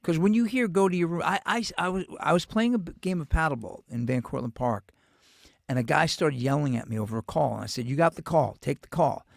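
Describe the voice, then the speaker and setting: A man's voice: fairly high pitch, fairly quick, creaky, no room sound, studio quality. A male show host with a New York accent, rambling through a profane, casual monologue full of restarts.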